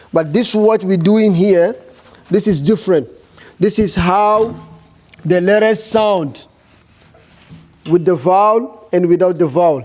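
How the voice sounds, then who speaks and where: Man, high voice, slow deliberate teaching, repeats and quizzes students. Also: a little mellow. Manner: slow, repetitive, questioning students. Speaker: Arabic teacher. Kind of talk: classroom teaching.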